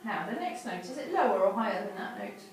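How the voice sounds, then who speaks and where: A woman teaches violin with a gentle, encouraging manner, her voice lively and lifting. She is heard from some distance in a very echoey room. Violin notes sound behind her. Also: mid-range voice, over loud music. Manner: gentle and encouraging, asks questions slowly. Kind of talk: patient one-to-one lesson teaching.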